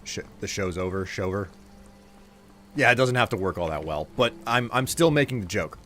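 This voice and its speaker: Playful streamer man, lively low voice. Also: moderate pace, a little hiss or hum. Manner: playful, joking, thanks viewers. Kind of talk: casual live-stream chat.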